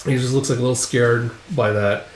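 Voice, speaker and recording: Speaking fast with fairly even intonation, a medium-pitched man casually retells a comic book one page at a time, leaning on filler words. The room gives his voice an echo.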